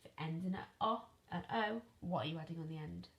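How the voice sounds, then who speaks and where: Teacher lady doing a phonics lesson for little kids, slow and clear, keeps asking questions. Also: on the low side. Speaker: primary school teacher. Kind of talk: online phonics lesson for children.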